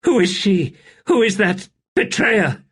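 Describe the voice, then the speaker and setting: Hysterical young warrior, male narrator's put-on voice, high, strained, frantic audiobook figure. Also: sing-song, moderate pace, fairly bright tone, full character voice. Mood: agitated. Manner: shrill, frantic. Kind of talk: audiobook character voice.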